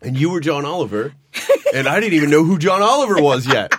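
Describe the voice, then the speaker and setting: A man's voice: a little high, lively intonation, fast talker, a bit bright, a little hiss or hum. A man hosting a casual chat, jokey and swearing a lot. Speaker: host.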